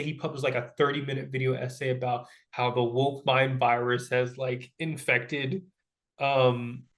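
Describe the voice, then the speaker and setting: A man co-hosting a movie podcast, ranting in a casual, exasperated way with lots of fillers. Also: mid-range voice. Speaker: podcast co-host.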